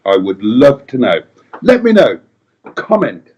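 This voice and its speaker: Co-hosting a laid-back live stream, this middle-aged man from Wales reads viewer comments aloud in a wry, playful manner. His mid-range voice swoops wildly in pitch, unhurried, darkish and slightly rough, over dull lo-fi audio.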